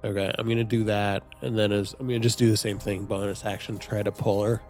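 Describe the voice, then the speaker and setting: Gravelly low-voiced man thinking aloud. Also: level tone, fast talker, a little mellow, faint music behind. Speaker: player. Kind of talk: casual tabletop play.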